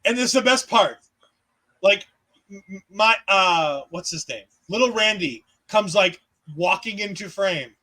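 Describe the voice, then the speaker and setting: A man co-hosting a casual wrestling recap, talking in an animated way with jokes, swearing and quick asides. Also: sits high, rough recording. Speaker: podcast co-host.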